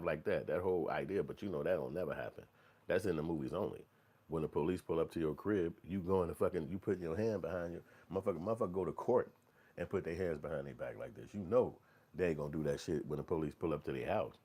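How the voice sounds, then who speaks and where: A man hosting a casual commentary stream, talking profanely and acting out other voices in a high falsetto. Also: fast talker, mellow, breathy edge. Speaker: channel host commentating on news.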